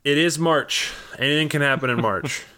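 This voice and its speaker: A man's voice: on the high side, moderate pace, bright, forceful tone. A man co-hosting an esports podcast who leads the segment and teases his co-hosts in casual chat. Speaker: podcast co-host.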